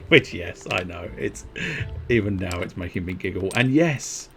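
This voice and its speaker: A man's voice: sits low, expressive, takes it slowly, a bit bright, faint music behind. A man streaming a game, rambling and mocking himself in casual chat. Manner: rambling, self-mocking, giggly.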